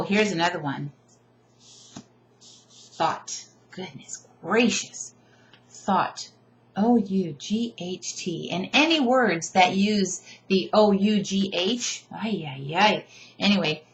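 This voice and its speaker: A woman teacher casually explaining how she teaches silent letters, chatty and animated with playful asides. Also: medium pitch, takes it slowly, long pauses, a little hiss or hum. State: tired. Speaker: teacher giving teaching tips. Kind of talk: casual instructional video.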